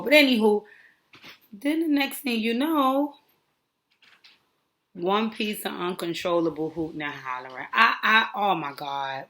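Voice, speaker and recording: A woman giving a casual, gossipy recap commentary, animated and full of dismissive asides. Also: medium pitch, normal speed. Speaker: reality show commentator.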